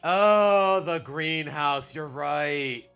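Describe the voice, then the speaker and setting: A man's voice: fairly high pitch, very slow, pushed and bright, clean tone, soft background music. A man from Mexico, casually rambling through opinions on a live stream and often cutting himself off mid-sentence. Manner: rambling, self-interrupting, opinionated. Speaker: streamer ranking cartoon episodes.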